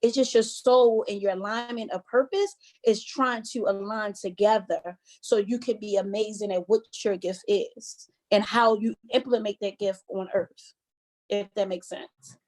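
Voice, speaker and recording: A woman's voice: mid-range voice, steady tone, a little slow, a little mellow. A middle-aged woman hosting a casual motivational talk, speaking earnestly and conversationally and calling her listeners y'all.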